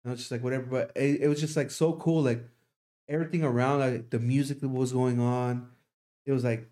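A man's voice: mid-range voice, steady tone, brisk, warm tone. A young man in casual podcast talk, rambling through a long story with lots of swearing. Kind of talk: casual chat.

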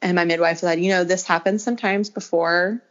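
A woman's voice: lowish voice, steady tone, a little fast. Chatty young woman on a podcast. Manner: chatty storytelling, many fillers. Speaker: podcast guest. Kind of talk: casual interview. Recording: slightly dull lo-fi audio.

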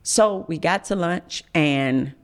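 A woman host with tells a personal story in relaxed podcast talk. She is animated and keeps slipping into the voices of the people she quotes. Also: low voice, slow pace. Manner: animated, acts out quotes with shifting voice. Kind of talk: casual storytelling chat.

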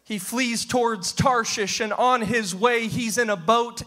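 Preaching a pentecostal-style sermon, a man uses a strikingly high, bright, ringing voice and a rhythmic sing-song cadence. He moves between quiet asides and shouted, half-sung refrains, and his delivery is a little slow.

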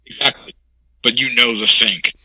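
A man's voice: mid-range voice, fairly even intonation, pushed and bright, no echo, rough recording. A man co-hosting a casual chat over a video call, talking eagerly and opinionatedly about wrestling. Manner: enthusiastic, quick opinionated wrestling fan. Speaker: podcast co-host.

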